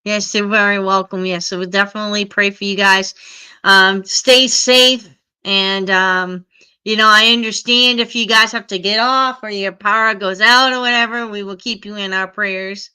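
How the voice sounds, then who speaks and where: A woman's voice: mid-range voice, steady tone, moderate pace, bright, forceful tone, smooth. A woman hosting a casual livestream, greeting viewers by name and sounding a little stuffy from allergies. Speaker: livestream host.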